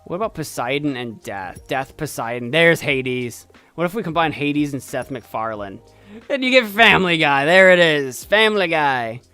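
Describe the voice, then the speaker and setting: A man streaming a game, chatting playfully and excitedly as he thinks aloud. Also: fairly high pitch, normal speed, clean tone, faint music behind. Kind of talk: casual gameplay commentary.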